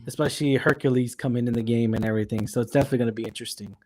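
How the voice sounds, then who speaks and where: A man's voice: medium pitch, steady tone, very fast, darkish tone. A man co-hosting a live podcast, talking through his thoughts in a rambling way with many restarts. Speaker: podcast co-host. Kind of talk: live podcast chat about films.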